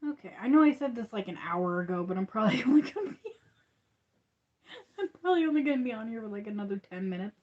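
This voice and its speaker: A woman's voice: on the high side, lively intonation, fast talker, dull audio. A woman hosting a crochet livestream, chatting casually and rambling with frequent laughs.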